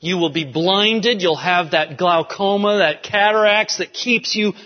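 Man, high pitch, pastor delivering an emphatic sermon, dull recording in a large church hall. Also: measured pace. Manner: emphatic preaching, rising to urgent peaks. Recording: dull sound with long hall reverb.

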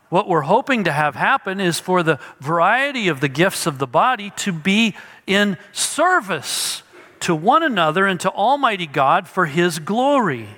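A man's voice: fairly high pitch, bright, forceful tone, long reverb tail. A male pastor preaching an expository sermon, emphatic and teaching through rhetorical questions.

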